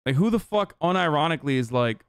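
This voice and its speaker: A man's voice: on the high side, expressive, fast talker, clean tone, dry recording. A young man ranting in profane, casual commentary, talking straight to his live-stream chat. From Turkey. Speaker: streamer reacting to a video.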